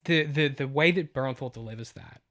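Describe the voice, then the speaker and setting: A man's voice: medium pitch, moderate pace, a bit bright. A male podcast co-host and novelist in casual chat, talking emotionally in long rambling runs full of restarts.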